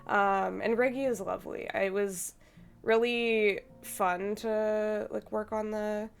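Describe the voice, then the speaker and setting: Rambling young woman streamer, gravelly. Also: medium pitch, level tone, slow. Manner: rambling, hesitant, full of likes and ums, laughs often. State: feverish. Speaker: streamer interviewing her brother. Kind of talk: casual chat.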